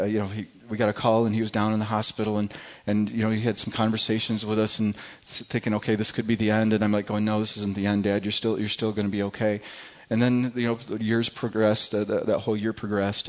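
A middle-aged man, a pastor, telling a personal testimony from the pulpit in a church, earnest and halting with frequent restarts. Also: on the low side. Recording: dull lo-fi recording.

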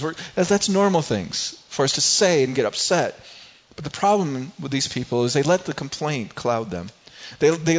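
A man's voice: medium pitch, dull audio. A man preaching a sermon as pastor, talking in a conversational way with frequent restarts and acted-out quotes.

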